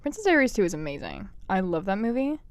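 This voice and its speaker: A woman's voice: mid-range voice, big pitch swings, quick pace, no echo. A young woman hosting a podcast, chatting casually and gushing with lots of "like" and "oh my God". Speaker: podcast host. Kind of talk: casual chat.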